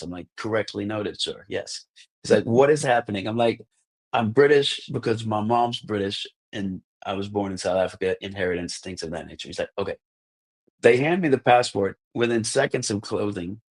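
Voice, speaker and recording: An American man in his thirties, a podcast guest telling casual stories, animated, acting out the lines of people in them and often saying "like" and "bro". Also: fairly low pitch, a little fast. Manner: animated, acts out quoted dialogue, says "like" and "bro" often. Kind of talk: casual storytelling.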